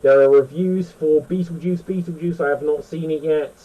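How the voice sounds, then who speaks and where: A man's voice: on the high side, steady tone, normal speed, dark tone, distant mic, low-quality recording. A man hosting a casual online panel chat, rambling and correcting himself as he talks. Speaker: host.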